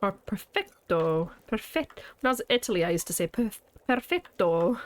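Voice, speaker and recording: A woman's voice: on the low side, expressive, brisk. A woman game streamer chatting casually with her viewers as she plays, playful and laughing often. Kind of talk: casual chat while playing a video game.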